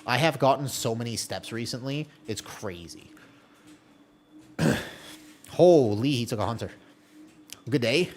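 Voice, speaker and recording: A man's voice: medium pitch, animated, measured pace, long pauses, a little mellow. A man streaming a game, chatting casually with his viewers and answering their messages as he plays, often laughing and trailing off mid-sentence. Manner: chatty, reads and answers viewer chat while playing. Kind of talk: casual live-stream chat.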